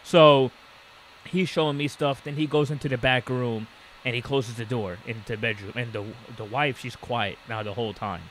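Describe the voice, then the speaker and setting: A man's voice: medium pitch, moderate pace, slight background noise. A man co-hosting a podcast, casually telling a story and acting out the voices of the people in it. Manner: animated storyteller, acts out quoted voices. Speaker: podcast co-host.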